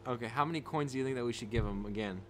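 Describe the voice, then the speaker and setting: In his home livestream, a man chats casually, rambling with frequent restarts and fillers and giving viewers shout-outs by name. He speaks into a desk microphone with a level meter. His voice is medium in pitch, very fast, and a bit bright, with a little hiss or hum on the recording.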